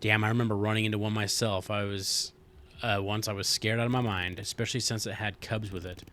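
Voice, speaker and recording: An earnest old park ranger tells his tale with strange stress on single words and theatrical pauses, as a man reads him aloud from a game. The tone is bright and sharp-edged, with a touch of background noise. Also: lowish voice, flat delivery, close to an everyday voice. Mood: grave. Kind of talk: reading game dialogue aloud.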